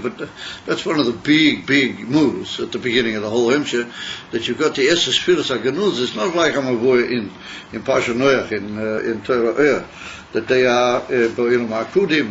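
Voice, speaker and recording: A man teaching a Chassidus class, halting and repeating words as he explains, mixing in Hebrew terms. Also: mid-range voice, a bit bright, slight background noise. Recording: muffled class recording.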